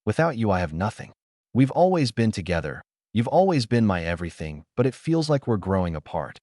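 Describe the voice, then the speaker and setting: A man's voice: on the low side, big pitch swings, brisk, a little mellow, no room sound, clean studio sound. A man voicing a teenage boy who cries and pleads with his twin brother in an emotional way. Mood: tearful pleading.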